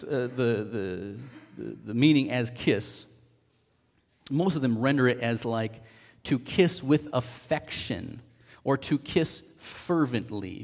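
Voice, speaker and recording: Earnest man preaching in a reverberant hall. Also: on the high side. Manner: earnest, explanatory, word-study teaching with animated emphasis. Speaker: pastor. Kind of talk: sermon.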